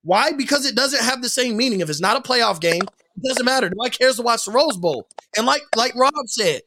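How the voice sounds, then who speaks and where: A young man in casual sports podcast chat, animated and repetitive, saying "like" and "bro" a lot. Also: very high voice, fairly quick, slight background noise. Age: young adult. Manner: animated, repeats himself, says "like" and "bro" a lot. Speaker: podcast guest.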